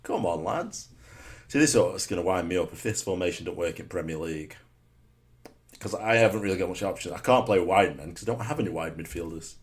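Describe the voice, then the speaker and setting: A deep-voiced man gives live commentary on his own football game, muttering rhetorical asides and breaking into sudden excited shouts.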